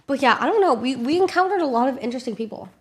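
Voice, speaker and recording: A young woman streamer telling a casual story to her chat, animated and swearing a lot. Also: high-pitched, racing. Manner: animated, swears a lot, acts out loud kids.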